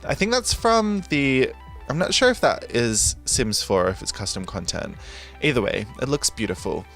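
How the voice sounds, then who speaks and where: Man, host voice-over, chatty and giggly, swooping animated intonation. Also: medium pitch, normal speed, faint music behind. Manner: chatty, rambling, gushing, giggly. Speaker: gaming video host. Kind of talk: casual voice-over over gameplay.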